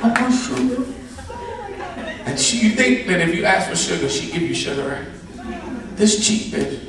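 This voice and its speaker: A man performing stand-up, his voice pitched high and swinging widely as he acts out profane family stories. He is heard from a distance in an echoey room, with the crowd laughing loudly behind him. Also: moderate pace, long pauses. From Latino family. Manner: animated, profane storytelling with acted-out voices. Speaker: stand-up comedian. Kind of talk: stand-up comedy set. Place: comedy stage before a live audience. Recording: echoey live room, mic far off. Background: audience laughter.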